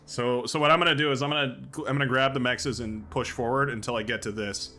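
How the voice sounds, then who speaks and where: A man streaming a strategy game live, chatting and thinking aloud excitably as he plays. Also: mid-range voice, fast talker.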